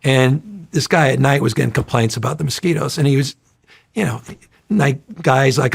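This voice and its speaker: Gravelly-voiced middle-aged man telling stories. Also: medium pitch, moderate pace. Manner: profane, animated storyteller, acts out quoted voices loudly. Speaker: interview guest. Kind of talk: casual storytelling chat.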